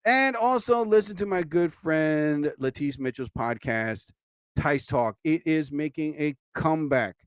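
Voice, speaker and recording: A rambling, chatty man hosts his own live show, his slightly high voice smooth and clear. He talks close to the mic in a dry space, drifting through asides and filler. The feel is loose and unscripted. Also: a little slow, no echo. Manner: rambling, chatty, many "you know" asides. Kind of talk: casual live-stream monologue.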